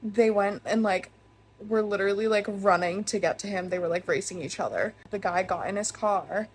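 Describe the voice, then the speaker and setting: A young woman excitedly recapping a book she is reading, gushing and saying "like" a lot. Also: mid-range voice, moderate pace, a little hiss or hum. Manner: gushing, excitable, heavy use of "like". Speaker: book vlogger. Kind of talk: casual reading vlog recap.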